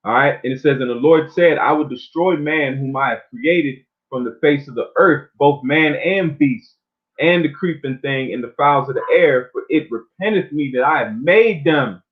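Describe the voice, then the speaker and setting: Over a thin, tinny, phone-like line, a slightly high-voiced preacher delivers a casual sermon. He reads scripture at a slow pace, then unpacks it in relaxed everyday talk, frequently ending lines with "man."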